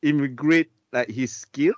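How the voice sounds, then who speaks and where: A man's voice: medium pitch, a little slow, no room sound. A man in a casual chat who talks hesitantly, searching for words with many fillers and restarts. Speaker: podcast co-host. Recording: dull lo-fi dry sound.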